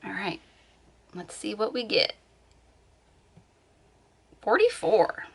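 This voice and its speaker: A woman's voice: medium pitch, very animated, slow pace, vocal fry, husky. A woman vlogging from her bed at home, chatting casually, thinking aloud and laughing often. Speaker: beauty vlogger. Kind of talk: casual chat.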